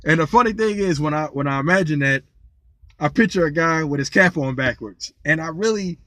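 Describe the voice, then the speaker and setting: A man's voice: fairly high pitch, brisk, no echo. Rambling man venting on camera, dry sound. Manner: rambling, repeats words while storytelling; lively, incredulous when telling funny stories. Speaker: vlogger, former rideshare driver. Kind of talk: casual venting monologue.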